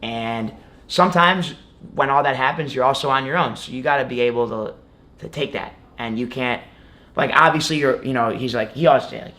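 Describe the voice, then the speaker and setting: In a relaxed, casual sit-down interview, a guest wrestler in his twenties tells a long story at a brisk pace. His pitch is in an ordinary middle range, and he rambles, restarts often, and fills gaps with "like" and "you know."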